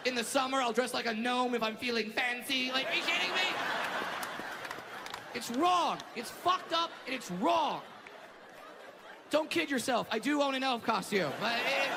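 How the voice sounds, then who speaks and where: A man with a high-pitched voice doing stand-up, loud and animated, firing off shouted punchlines. His voice carries a long reverb through the theater, and audience noise is clearly heard behind him. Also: normal speed, pauses often, a loud crowd. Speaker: stand-up comedian. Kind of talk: stand-up comedy set. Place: live comedy stage.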